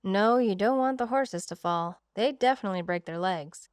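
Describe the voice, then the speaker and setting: A woman's voice: medium pitch, moderate pace, no echo, studio quality, lightly acted. A woman voicing an earnest young woman just out of college, often speaking in a whisper in a storybook reading.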